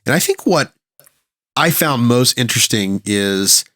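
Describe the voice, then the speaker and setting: Relaxed musing male podcast co-host. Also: mid-range voice, unhurried, no room sound, studio quality. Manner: relaxed, musing, hedges with "I don't know". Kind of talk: casual chat.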